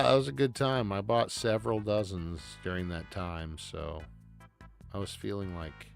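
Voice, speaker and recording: A man's voice: deep voice, creaky. A man streaming live, chatting casually in a loose, rambling way with plenty of swearing. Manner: laid-back, swears a lot.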